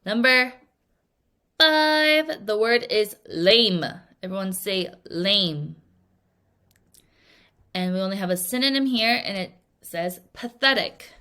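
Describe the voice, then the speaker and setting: A young woman teaching English vocabulary in a recorded lesson. She speaks clearly and acts out little scenes with playful voices. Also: medium pitch, expressive, pushed and bright. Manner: clear, deliberate word-by-word teaching delivery.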